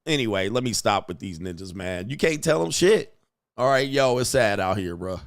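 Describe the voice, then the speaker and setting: A man hosting a casual commentary monologue, telling stories in heavy slang, laughing often and acting out pickup lines in a higher voice. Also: animated, moderate pace, no echo, studio quality. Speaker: show host.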